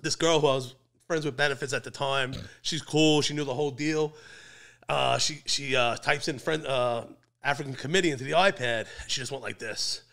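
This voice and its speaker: A man's voice: mid-range voice, normal speed, creaky, fairly bright tone. A man telling a wild personal story on a podcast, brash and profane, laughing through it. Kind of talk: casual storytelling.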